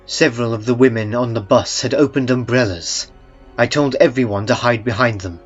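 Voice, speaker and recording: A man tells a dark first-person horror story with a calm, dry, understated delivery. His voice sits at an ordinary middle pitch. The recording is a little muffled, with faint music playing underneath. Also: normal speed, husky. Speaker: narrator.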